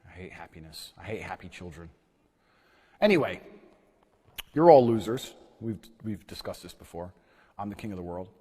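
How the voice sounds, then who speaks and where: A man putting on the voice of a gloating, evil man who hates happiness, speaking slowly and menacingly. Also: sits low, lively intonation, dark tone, husky, voice pushed down. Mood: sneering. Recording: long hall reverb.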